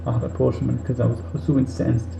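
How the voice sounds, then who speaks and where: Here a man performs a comic monologue as a tipsy male robot leader, earnest, rambling off on tangents and using many fillers. He talks very fast at medium pitch, level in tone and creaky. The sound is muffled and roomy, with a faint hiss.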